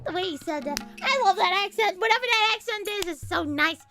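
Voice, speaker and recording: A woman's voice: extremely high pitch, expressive, quick pace, bright, forceful tone, soft background music. A woman streamer reading a visual novel aloud and chatting in a giggly, playful way. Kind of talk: casual game-reading stream.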